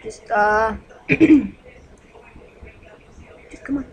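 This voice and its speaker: Jittery high-voiced woman gaming. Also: extremely slow, a little hiss or hum, rough recording. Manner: excitable, jittery, yells insults at game monsters. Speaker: gaming channel host. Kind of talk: casual gameplay commentary.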